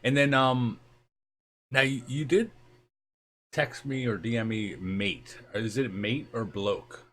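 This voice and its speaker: A man's voice: mid-range voice, steady tone, takes it slowly, pauses often, a bit bright. A man hosting a live stream in casual chat, joking and quizzing his guest. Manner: jokey, laughs often. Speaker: stream host.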